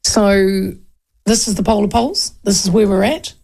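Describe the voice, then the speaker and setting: Chatty gravelly New Zealand woman host. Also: medium pitch, unhurried, warm tone. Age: 50s. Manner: chatty, digressive, acts out quoted talk. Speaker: radio talk host. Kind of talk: talk radio monologue.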